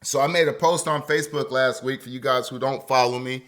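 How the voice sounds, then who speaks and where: A man's voice: mid-range voice, a little fast. A man hosting a podcast, telling a story in casual chat with lots of swearing and acted-out quotes. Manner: profane, animated, acts out quotes. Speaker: podcast host.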